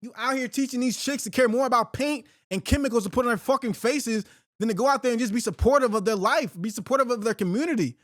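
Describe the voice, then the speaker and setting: A man's voice: very high-pitched, fast talker, a bit bright, dry recording. Give me a heated, profane podcast host, a middle-aged man, recorded dry and close. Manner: heated, profane, rambling with restarts and slang. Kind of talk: unfiltered solo talk.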